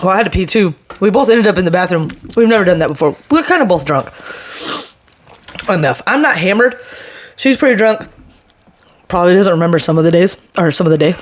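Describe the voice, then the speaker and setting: A woman's voice: fairly low pitch, lively intonation, a little fast, pauses often. A young woman co-hosting a podcast, telling a story in casual chat, swearing a lot and laughing as she goes, talking while she chews food. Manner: talks while chewing spicy food. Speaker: podcast co-host.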